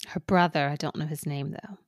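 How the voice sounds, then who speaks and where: A woman's voice: deep voice, steady tone, fairly quick, dry recording, studio quality. A woman co-hosting a casual podcast chat, easygoing and self-deprecating. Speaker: podcast co-host.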